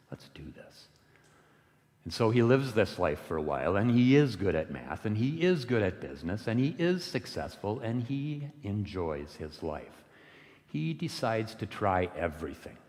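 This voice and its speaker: A man giving a storytelling sermon, retelling a parable in an unhurried, gentle way. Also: sits low, in a large hall. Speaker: lay worship speaker. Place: church sanctuary.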